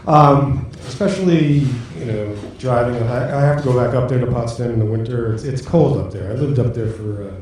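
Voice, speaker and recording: Halting middle-aged stand-up comic. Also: male voice, medium pitch, a little mellow. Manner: halting, self-deprecating, many fillers. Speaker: stand-up comedian. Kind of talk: stand-up routine. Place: comedy club stage. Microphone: handheld mic. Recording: echoey club with room noise.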